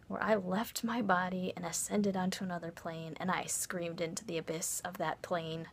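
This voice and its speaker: A woman vlogger telling a comic story in a deadpan, dry way, often dropping into whispers and dramatic asides. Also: on the low side, normal speed, gravelly, hardly any pauses, a little hiss or hum.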